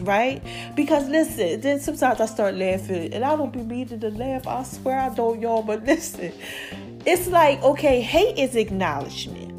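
High-voiced woman podcast host, playful. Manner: lively, playful, calls listeners "baby" and "y'all". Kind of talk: casual chat.

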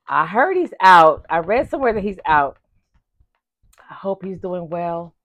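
A woman in her forties chatting casually to her viewers in an animated, talkative way, calling them "baby" and "y'all", her voice getting a little hoarse. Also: on the low side, dry recording. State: voice giving out, slightly hoarse. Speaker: vlogger. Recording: dull lo-fi dry recording.

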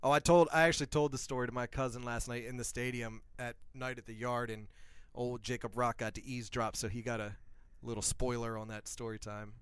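Smooth-voiced joking man. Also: medium pitch, flat delivery, brisk, no room sound. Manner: joking, laughs often, trails off quietly. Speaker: podcast co-host. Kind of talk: casual sports chat.

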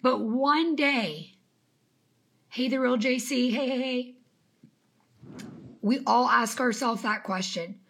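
Woman in her 30s, business coach, live motivational talk, emphatic and faith-infused, fairly high voice. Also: slow, gravelly, long pauses, fairly bright tone. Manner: emphatic, faith-infused, greets viewers by name. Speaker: business coach and podcast host.

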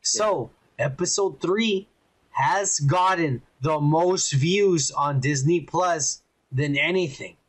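A fairly high-voiced man talks in loose, rambling podcast chat, swearing constantly and getting worked up as he goes. His delivery is excitable and profane throughout. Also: slow pace, breathy edge. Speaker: podcast co-host. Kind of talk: casual chat.

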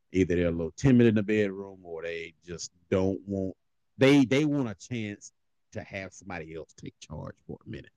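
A man hosting a casual podcast chat, telling stories with lots of laughing and quick impressions. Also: low-pitched, no room sound. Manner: animated storyteller, laughs often, mimics voices. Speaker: podcast host.

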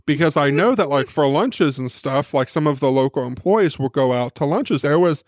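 A man's voice: a little high, lively intonation, normal speed, darkish tone, dry recording. Man telling a rambling story, dry sound. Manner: rambling anecdote with acted-out quotes. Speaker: podcast co-host. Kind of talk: casual storytelling.

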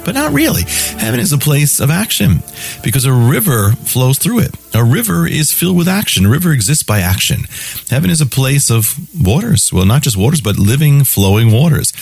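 A man's voice: medium pitch, big pitch swings, fairly quick, gravelly, husky, faint music behind. A man giving a radio sermon and then an on-air offer, preaching with an emphatic, repetitive cadence.

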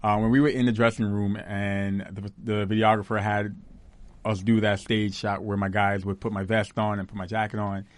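A man's voice: lowish voice, flat delivery, normal speed. A young man, the groom, chatting casually in a laid-back, joking, slangy way. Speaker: groom, her husband. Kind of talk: casual chat.

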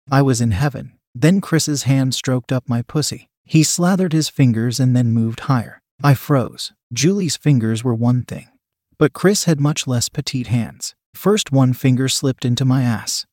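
A man's voice: medium pitch, darkish tone, no echo. Man reading a story, dry and close. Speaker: narrator. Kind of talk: audiobook reading of erotic fiction.

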